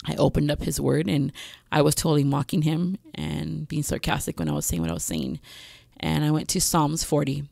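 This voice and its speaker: A woman telling her life story as a podcast guest, speaking candidly and pausing often with "um.". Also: low-pitched, expressive, creaky, darkish tone, dry recording, clean studio sound. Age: adult mother with several children. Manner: candid, frequent "um" pauses, acts out her past self. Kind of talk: personal testimony in a podcast interview.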